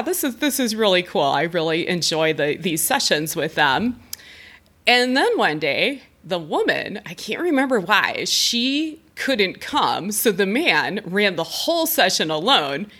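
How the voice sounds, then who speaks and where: Bright-voiced young woman rambling through a story on her podcast, laughs a lot, lots of "like". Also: mid-range voice. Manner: chatty, laughs often, frequent "like" fillers. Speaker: podcast host and breathwork facilitator. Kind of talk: casual storytelling monologue.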